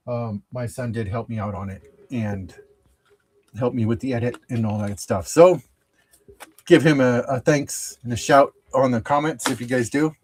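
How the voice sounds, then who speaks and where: Man, middle-aged, card show host, slow unhurried talk, laughs a lot, halting with fillers. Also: medium pitch. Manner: chuckles often, easily amused; halting, lots of fillers and restarts. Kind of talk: casual pack-opening chat.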